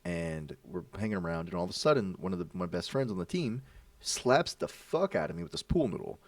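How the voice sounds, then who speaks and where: A man's voice: low voice, fairly quick, no echo, distant mic. A young man co-hosting a podcast, telling childhood stories in a casual chat, laughing and acting out the people in them. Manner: animated, laughing, acts out voices in his stories. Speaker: podcast co-host.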